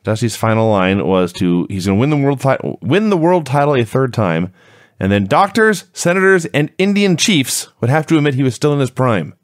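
A man's voice: mid-range voice, big pitch swings, moderate pace, no echo. A man co-hosting a wrestling review podcast, recapping events in a dry, sarcastic way. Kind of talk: casual chat, recapping.

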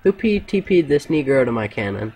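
A young man talking in gaming voice chat, excitable and crude, shouting to his teammates. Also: medium pitch, a little fast, breathy edge. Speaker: gamer.

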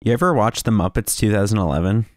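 A man's voice: lowish voice, animated, fast, darkish tone, no room sound, clean studio sound. A young man co-hosting a podcast in casual chat, joking and rambling through stories. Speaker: podcast co-host.

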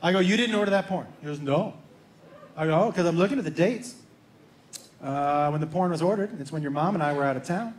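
A man doing stand-up, telling a story in an animated, profane way and acting out both sides of a conversation, on a stage before a live audience. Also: a little high, fairly quick, echoey room. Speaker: stand-up comedian.

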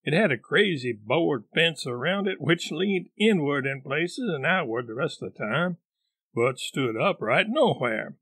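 A man reads a classic novel aloud at an unhurried pace, his voice sitting a little high for a man. His delivery is measured and deliberate, and the recording is dry and close with no room sound. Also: lively intonation, fairly bright tone, breathy edge, no room sound. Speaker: audiobook narrator. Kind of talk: audiobook narration.

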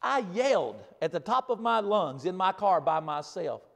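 A man preaching a sermon as pastor, swinging from loud emphatic repetition to quiet asides. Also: high-pitched, very animated, moderate pace, vocal fry, big-room sound.

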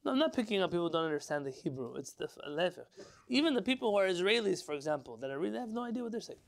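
A man teaching an informal religious class as a rabbi, lively and rhetorical, putting questions to his listeners. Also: high voice, very fast, creaky. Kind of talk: informal Torah lesson to a live class.

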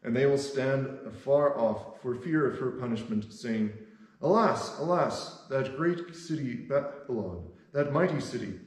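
A man's voice: mid-range voice, a little slow, few pauses, darkish tone, reverberant, rough recording. A man leading a devotional as pastor, reading scripture steadily with an occasional filler word.

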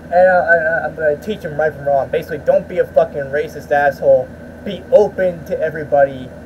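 High-voiced ranting male vlogger. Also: a little fast, a little mellow, dull audio, slight background noise. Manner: rambling, profane, with repeated restarts. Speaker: YouTuber. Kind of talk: ranting vlog talk.

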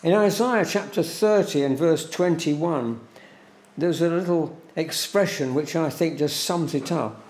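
A man preaching a sermon in a church, slow and deliberate, repeating words for emphasis. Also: on the high side, darkish tone. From England. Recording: echoey church room.

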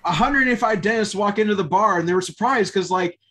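A man playing an improv joke game on a video call, telling bar jokes in a halting, restarting way. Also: high voice, bright, forceful tone. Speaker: improv player.

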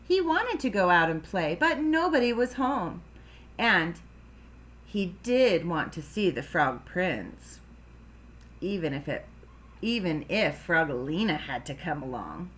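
A woman's voice: lowish voice, big pitch swings, slow pace, pauses often, a bit bright. A woman teacher reading a children's storybook aloud expressively, with playful sound effects.

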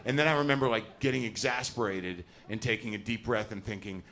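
Speaking a bit fast in a lowish voice with fairly even intonation, a middle-aged comic tells a self-deprecating, profane, neurotic story. He's on a theater stage before a live audience. The recording captures loud crowd laughter.

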